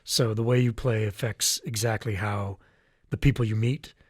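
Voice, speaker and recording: A man's voice: lowish voice, fairly even intonation, normal speed, darkish tone, dry recording, studio quality. A man, a voice actor, chatting as an interview guest, enthusiastic and often restarting his sentences. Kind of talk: casual interview chat.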